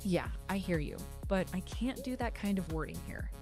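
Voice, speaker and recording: Lively synthetic female AI assistant. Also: mid-range voice, moderate pace. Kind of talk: upbeat assistant replies. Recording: clear music behind voice. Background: music.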